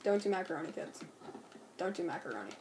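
A woman's voice: fairly low pitch, sing-song, fast talker. Woman, casual let's play commentary, goofy, talks to herself, noisy background. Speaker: gameplay commentator. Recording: noisy home recording.

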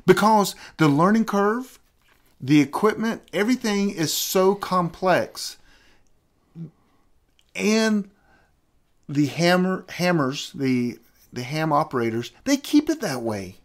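A man's voice: sits high, lively intonation, takes it slowly, long pauses. A middle-aged man hosting a podcast, talking animatedly and acting out conversations in a casual rant. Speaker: podcast host. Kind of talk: casual ranting chat.

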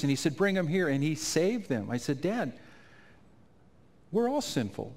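A man's voice: a little high, sing-song, moderate pace, long pauses. Man preaching an emotional testimony. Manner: emotional storytelling, rising to near-shouts at climaxes. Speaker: conference speaker. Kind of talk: testimony sermon. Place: conference stage.

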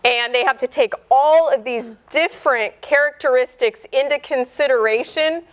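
A middle-aged woman biologist giving an informal public lecture, chatty and animated, acting out the dialogue she quotes. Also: high voice, moderate pace, clean tone.

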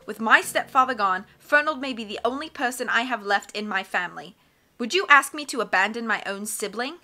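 A woman plays a young submarine captain in an audiobook who insists firmly on her choices. Her voice rises bright and a little high. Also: animated, a little fast. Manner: firm, insistent. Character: fiercely loyal young sub captain, woman.

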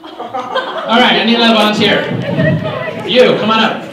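A man giving a playful, animated motivational talk to high school students at an assembly. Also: moderate pace, a crowd in the background. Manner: playful, animated, talks straight to the audience. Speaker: motivational speaker. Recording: echoey hall, voice from far off.

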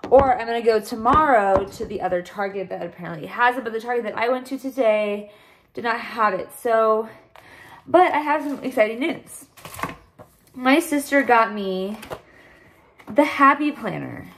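Casting: young woman vlogger, slightly high voice, chatty and rambling. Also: moderate pace, fairly bright tone, slight background noise. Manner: bubbly, chatty, rambling with restarts. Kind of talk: casual vlog chat.

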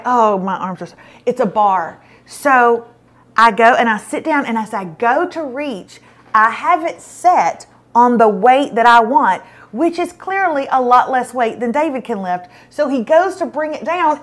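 A woman's voice: fairly high pitch, fairly bright tone. A middle-aged woman, hosting a show and telling a self-mocking story in casual chat. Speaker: show host.

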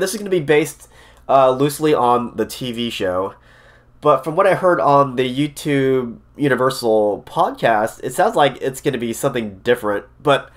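An excitable man talking straight to camera in a casual vlog. He rambles, restarts sentences and repeats words as he goes, at a middling pitch for a man. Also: normal speed. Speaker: theme park vlogger.

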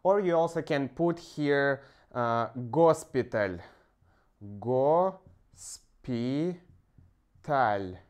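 A man, a teaching pronunciation in English, explaining slowly with frequent "uh" pauses. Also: on the high side, clean tone. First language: Russian. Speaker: language teacher.

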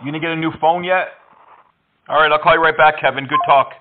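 A man's voice: a little high, steady tone, fast talker, very noisy. Taunting man on a phone line. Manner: mocking, taunting, feigned innocence. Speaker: prank caller. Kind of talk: prank phone call.

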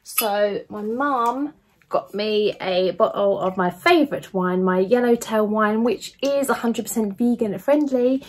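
A young woman chatting casually and gushing over her gifts in a haul video. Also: mid-range voice. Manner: gushing, enthusiastic, chatty with fillers. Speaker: vlogger. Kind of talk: casual gift haul chat.

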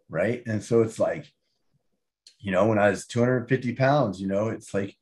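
A man talking as an interview guest and author, emphatic and animated, often tagging his points with "right?". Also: lowish voice, moderate pace. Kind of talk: casual interview talk.

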